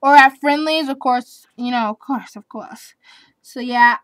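Brief: eleven-year-old girl vlogger, high-pitched, chatty and giggly, dry close sound. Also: a little slow, a bit bright, no echo. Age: child, eleven. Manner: chatty, giggly, rambling with restarts and repeats. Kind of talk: casual chat answering tag questions.

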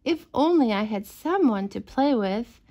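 Storybook bear cub, small and eager, high excited cries, read by a woman. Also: a little slow, highs cut off. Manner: excited, high-pitched exclamations.

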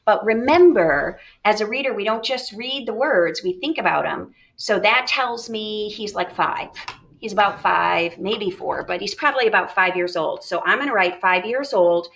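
Bright-voiced woman teaching a reading lesson. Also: medium pitch, lively intonation, moderate pace, vocal fry. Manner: upbeat, checks in with frequent "okay?". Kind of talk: classroom lesson with read-aloud.

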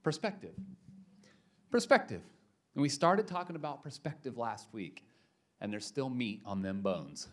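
A man's voice: medium pitch, animated, moderate pace. A young adult man, a pastor, giving a casual, joking sermon in a church and telling a story with lots of restarts.

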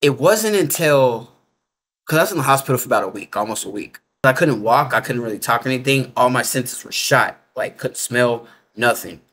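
Speaking at normal speed, a man being interviewed sounds animated, his medium-pitched voice slightly bright. He wanders through his story informally, peppering it heavily with "like" and loose grammar.

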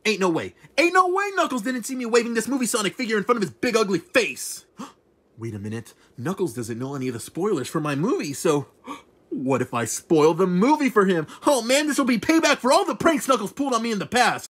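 A man's voice: sits high, big pitch swings, fairly quick, fairly bright tone, echoey room. A man voicing a scheming, cocky male hedgehog in a puppet comedy sketch, sneaky and rambling. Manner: sneaky, rambling, fumbling when caught.

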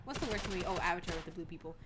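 A woman's voice: on the low side, lively intonation, rapid-fire, background noise. A woman streaming games, chatting casually and giggling, greeting viewers by name. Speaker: game streamer. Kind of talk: casual live-stream chat.

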